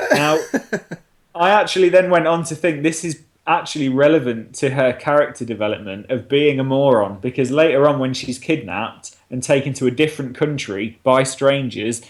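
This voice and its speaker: A man's voice: mid-range voice, moderate pace. A man co-hosting a podcast, talking casually about films, swearing, laughing and acting out lines. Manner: sweary, laughing, acts out quoted dialogue. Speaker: podcast co-host. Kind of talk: casual film review chat.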